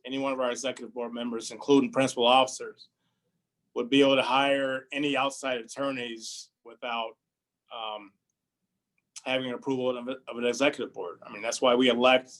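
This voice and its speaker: Guy on a zoom call answering a question, lots of um and restarts, mid pitch. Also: a bit bright, low-quality recording. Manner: hesitant, many restarts and fillers. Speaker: union candidate answering a question. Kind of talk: town hall answer. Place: video call.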